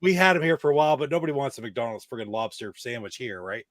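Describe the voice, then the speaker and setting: A man's voice: medium pitch, animated, quick pace, fairly bright tone, dry recording, clean studio sound. A man in a casual group chat, riffing eagerly on food ideas. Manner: enthusiastic, riffs on food ideas.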